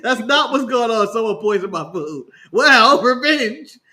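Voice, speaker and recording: A man's voice: very high voice, expressive, measured pace, sharp tone. A man from the United States co-hosting a casual wrestling review podcast, joking and laughing often. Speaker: podcast co-host.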